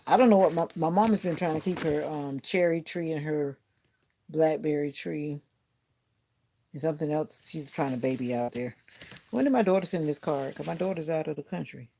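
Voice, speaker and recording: A middle-aged woman with a low, gravelly voice rambles to her livestream viewers from her bedroom. She is laid-back and joking. The phone recording carries a steady hiss of home noise. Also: normal speed. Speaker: livestream host. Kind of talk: casual chat to viewers.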